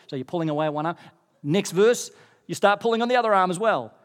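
A middle-aged male pastor with a high, bright voice delivers a sermon. His voice carries into a long church-hall reverb, and he gets animated and rises in pitch on the points he stresses. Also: fast.

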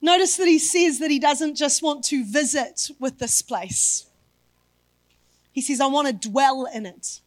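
High-voiced woman preaching a sermon. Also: unhurried, no echo. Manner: emphatic preaching with building repetition. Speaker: pastor.

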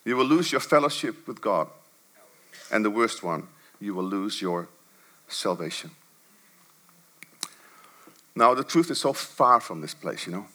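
A man preaching a sermon to a church congregation, swinging from low murmurs to high, emphatic bursts. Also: animated, unhurried, pauses often, sharp tone.

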